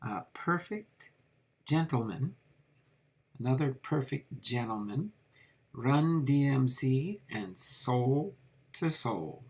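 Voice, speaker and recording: Man, card collector host, slow rambling delivery, husky gravelly voice. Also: mid-range voice, animated, a little mellow. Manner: slow, rambling, with frequent fillers while reading names off cards. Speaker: trading card collector reviewing a set. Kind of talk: casual card review.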